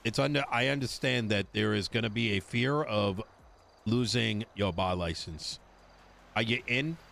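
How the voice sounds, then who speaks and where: A man's voice: lowish voice, unhurried, creaky, fairly bright tone, slight background noise. A man talking in character over voice chat, blunt and fired-up, swearing freely.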